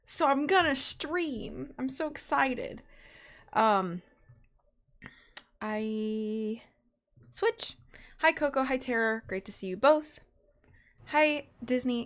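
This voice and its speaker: A young woman chatting casually on a live stream while playing a game, bubbly and excitable. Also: a little high, slow pace, pauses often. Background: faint game music.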